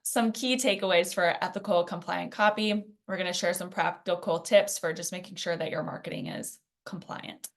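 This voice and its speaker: A woman from Phoenix teaches a live workshop in a chatty, conversational style, sprinkling in fillers and asides. Her voice sits on the low side with fairly even intonation, and she keeps a moderate pace with few pauses.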